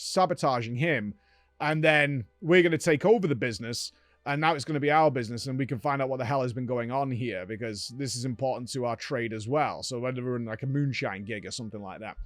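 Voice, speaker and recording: A man's voice: medium pitch, dry recording. A man from the UK, a streamer hosting a casual show, animatedly recounting a game and acting out the exchanges. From United Kingdom. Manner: animated storytelling, acts out exchanges with "I'm like". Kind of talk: casual gaming recap chat.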